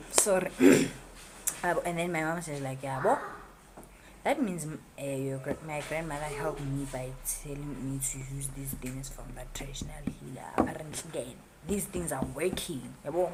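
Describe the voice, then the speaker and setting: In a casual storytime, a young South African YouTuber tells a tale in her South African accent, chatty and loaded with slang and fillers. Her voice is low and her pace moderate, with music playing in the noisy background.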